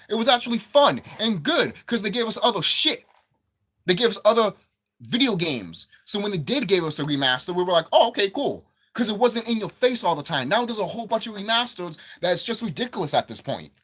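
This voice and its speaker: A man with a fairly high, bright-toned voice delivers an angry, expletive-laden gaming rant about the price of video games. As a commentator, he keeps repeating himself while his frustration mounts.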